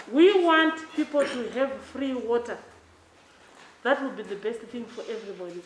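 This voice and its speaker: A woman's voice: fairly high pitch, a little hiss or hum. Woman giving a formal speech. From Zimbabwe. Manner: measured, emphatic, addresses the mayor formally. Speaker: development bank official giving a speech. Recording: echoey hall with faint ambience.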